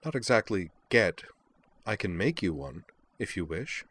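A man reading the gentle, firm lines of a powerful goddess in a story. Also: deep voice, big pitch swings, measured pace, exaggerated voice. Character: calm, kind, powerful goddess woman.

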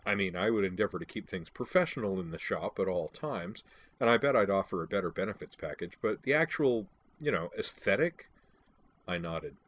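A man's voice: sits low, expressive, a little fast, a bit bright. A man reading a first-person audiobook, telling the story in a wry, dry-humored way.

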